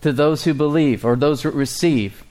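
A pastor preaching a sermon to his congregation, calling for responses and slowing down to read scripture aloud. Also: on the high side, darkish tone.

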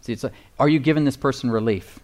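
A man preaching a sermon, slowing down to stress key phrases and calling for responses from the congregation. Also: medium pitch, a little mellow. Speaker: pastor.

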